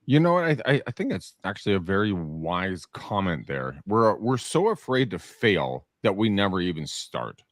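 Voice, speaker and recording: A man's voice: low voice, sing-song, normal speed, hardly any pauses, dry recording, clean studio sound. A man co-hosting a podcast who talks casually and often stumbles over his first words. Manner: hesitant, repeats words when starting. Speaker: podcast co-host. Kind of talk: casual round-table chat.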